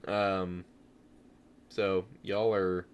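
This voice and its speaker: A man narrating as game master of a tabletop game, relaxed and chuckling, with many fillers. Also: low-pitched, very slow, clean tone.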